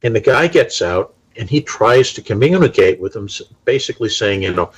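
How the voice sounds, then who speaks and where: A middle-aged man in casual conversation, telling stories in a measured, unhurried way. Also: on the low side, expressive, slightly rough, highs cut off. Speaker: talk show participant. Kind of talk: casual chat.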